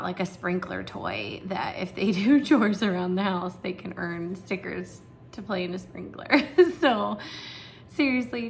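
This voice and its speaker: Young woman, preschool teacher, creaky voice, chatty, encouraging, casual talk to parents. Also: medium pitch, a little hiss or hum. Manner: chatty, encouraging, many fillers.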